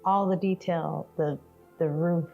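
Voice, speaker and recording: A woman's voice: fairly low pitch, fairly even intonation, measured pace, creaky, narrow, tinny audio, faint music behind. An American woman co-hosting a casual travel chat, mostly agreeing and adding short remarks. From United States. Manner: agreeable, short affirmations, laughs along. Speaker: co-host.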